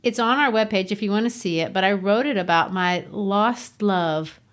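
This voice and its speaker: A woman's voice: mid-range voice, normal speed. A woman who teaches, co-hosting a podcast in a casual, explanatory way and tapping out rhythms as she explains.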